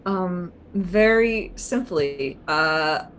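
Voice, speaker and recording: A woman's voice: lowish voice, animated, very slow, a bit bright, a little hiss or hum. A woman playing a tabletop game who describes her character hesitantly, with many "um"s. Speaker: player.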